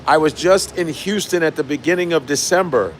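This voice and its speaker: Brief: male comedian, loose profane livestream chat, repeats punchlines, slightly raised pitch, faint outdoor traffic noise. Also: a little fast. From United States. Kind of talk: casual chat with viewers.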